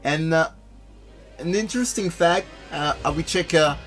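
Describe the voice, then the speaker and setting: Halting man commentating a game. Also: fairly high pitch, a bit bright. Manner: halting, with many fillers and restarts. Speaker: let's play host. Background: game music.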